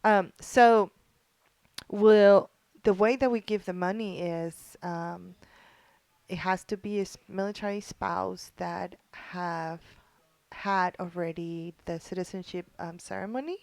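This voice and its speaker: Earnest low-voiced woman guest, dry mic. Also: steady tone, creaky, darkish tone, dry recording. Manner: earnest, halting with frequent fillers and restarts. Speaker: guest, founder of a military spouse group. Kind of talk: casual interview chat.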